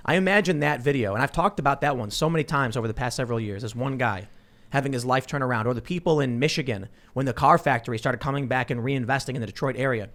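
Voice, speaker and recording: A man hosting a political talk show, telling stories in an animated, self-interrupting way. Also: medium pitch, fast. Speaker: podcast host.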